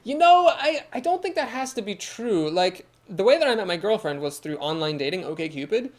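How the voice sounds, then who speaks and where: Chatty Midwestern guy with a lively voice. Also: sits high, moderate pace. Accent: Midwestern American. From Ohio, USA. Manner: chatty, thinks aloud, reads chat comments and laughs easily. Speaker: game streamer. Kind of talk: live gameplay commentary.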